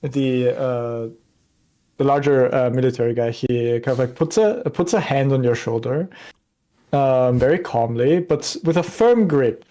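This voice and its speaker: A man's voice: mid-range voice, unhurried, mellow. A man narrating a tabletop game as game master, with many hesitations.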